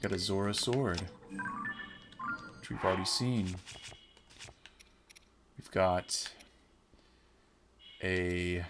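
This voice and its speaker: Slow, low-voiced playful streamer man. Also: music in the background. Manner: playful, jokey, chatting with viewers. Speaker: game streamer. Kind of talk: casual gameplay commentary. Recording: clear background noise.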